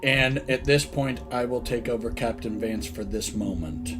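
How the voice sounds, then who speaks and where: A man's voice: medium pitch, lively intonation, moderate pace, over music. A man narrating a tabletop game as dungeon master, describing scenes and asking players what they do.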